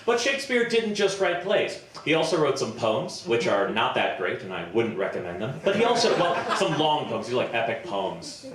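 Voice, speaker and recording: A man performing improvised comedy on stage, chatty and self-deprecating, often pausing with ums. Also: medium pitch, very animated, heavy reverb, background noise. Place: festival stage before a live audience.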